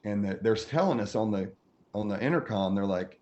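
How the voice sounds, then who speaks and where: A man who is a podcast guest, telling a comic story in an animated way and laughing often through it. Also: fairly low pitch, fairly quick. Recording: muffled audio with faint noise.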